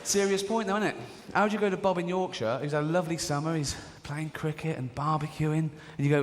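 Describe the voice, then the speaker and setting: A man's voice: a little high, fairly even intonation, fast, few pauses, slight background noise. An English man in his forties doing stand-up comedy, joking and swearing freely while acting out characters in mock voices. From England. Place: large theatre stage. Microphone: stage mic. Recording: live theatre with long hall reverb. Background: audience laughter.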